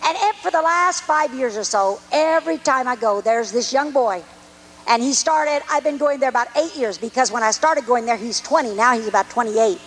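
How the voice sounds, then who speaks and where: An older woman preaching a sermon testimony, emphatic and repetitive, swinging between high and low. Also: moderate pace, soft background music, poor audio. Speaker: evangelist preacher.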